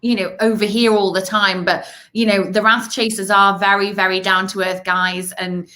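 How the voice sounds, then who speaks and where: A woman's voice: mid-range voice, flat delivery, normal speed, sharp tone. A woman co-hosting a casual livestream, rambling and enthusiastic with many "you know"s. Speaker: co-host of online festival livestream. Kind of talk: casual chat.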